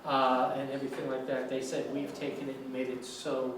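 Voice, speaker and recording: With a medium-pitched, completely flat and brisk delivery, a US English lecturer converses with his class and quizzes students during a discussion. The lecture room audio is echoey, recorded from far away, with faint noise.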